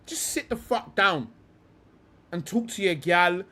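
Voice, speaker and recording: A man's voice: sits high, slow pace, bright, forceful tone. A young man, hosting a livestream in a profane, slang-heavy rant. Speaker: livestream host.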